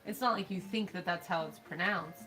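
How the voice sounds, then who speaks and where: Teasing, quick-laughing woman on a stream. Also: fairly low pitch, bright, forceful tone, poor audio. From United States. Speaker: livestream co-host. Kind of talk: casual banter on a livestream. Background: faint game music.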